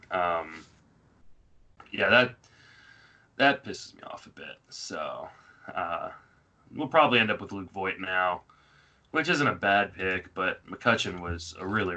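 A man's voice: low-pitched, bright, forceful tone. A man hosting a casual fantasy baseball show, thinking aloud with many fillers as he comments on a live draft. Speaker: fantasy baseball podcast host.

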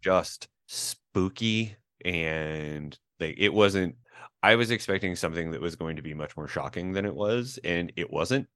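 Low-pitched and unhurried, a male co-host reviews a film in casual podcast chat packed with fillers and false starts. His tone is fairly bright, and the studio audio is clean and echo-free.

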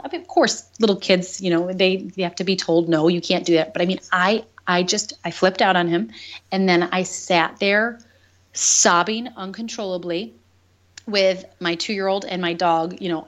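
A woman with a lower-pitched voice speaks as a podcast guest, laying out a hard personal story in an earnest, open way. She laughs now and then even at painful moments. The recording sounds dull and lo-fi.

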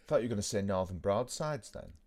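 Lower-voiced man, lively and rambling. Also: quick pace. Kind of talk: casual podcast chat.

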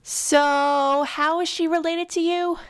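Woman narrator voicing a chatty, curious young man with a lifted, slow storybook voice. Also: very high-pitched, steady tone, pitched above the performer's own voice. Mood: eager. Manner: eager, prying questions. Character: friendly, nosy young man, charming and talkative.

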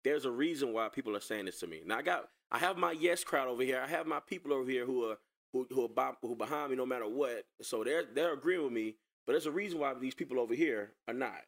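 A man giving casual reaction commentary on a video clip, sarcastic and animated, often repeating himself as he talks to viewers. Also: medium pitch, fast.

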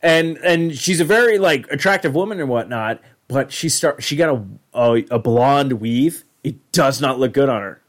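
A man's voice: medium pitch, expressive, moderate pace, hardly any pauses. A man co-hosting a casual podcast, drunk and rambling with lots of fillers. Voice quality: loose, rambling, filler-heavy. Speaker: podcast co-host. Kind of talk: casual chat.

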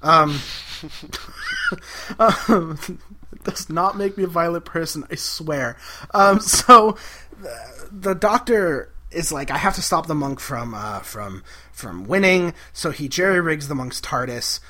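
A man with a fairly high voice and a bright, forceful tone recaps an episode in casual podcast chat. He gushes enthusiastically and giggles often. He fills his sentences with ums and likes. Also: expressive, slow pace. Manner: enthusiastic, giggly, lots of fillers. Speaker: podcast co-host.

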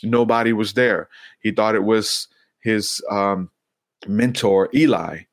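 A man speaking as an interview guest, earnest and halting, often repeating words as he tells his story. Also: fairly low pitch, steady tone, dry recording, studio quality. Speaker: interview guest, Christian minister. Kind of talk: casual interview conversation.

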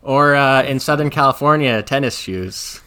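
A young man hosting a movie podcast in casual, animated chat, laughing often. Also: medium pitch, moderate pace, clean tone. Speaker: podcast host.

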